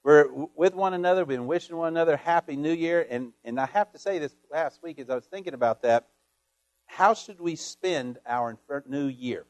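A male pastor giving a sermon in a folksy, storytelling manner and asking "Amen?" often. His voice sits somewhat high for a man, and the recording is dry and close. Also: normal speed, a little mellow, no room sound.

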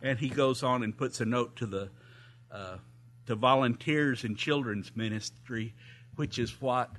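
A man preaching to a congregation, retelling a camp story in a sermon with frequent hesitations and chuckles. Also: mid-range voice. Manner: hesitant, many uh fillers, chuckles. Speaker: pastor reading a volunteer's story.

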